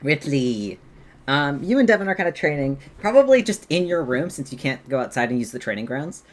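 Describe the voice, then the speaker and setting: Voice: mid-range voice, big pitch swings, brisk. A game master running a streamed tabletop game, giggly and loose, swearing casually.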